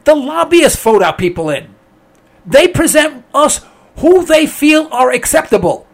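A man's voice: very high-pitched, very animated, a little slow, creaky. A man giving a blunt, emphatic ranting monologue on politics, sarcastic and repetitive, hammering his points again and again. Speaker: political commentator.

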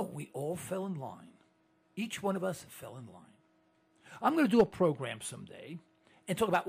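A man's voice: sits high, very animated, moderate pace, vocal fry, husky. A man giving an indignant, rambling monologue as a host, often restarting his sentences. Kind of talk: monologue to listeners.

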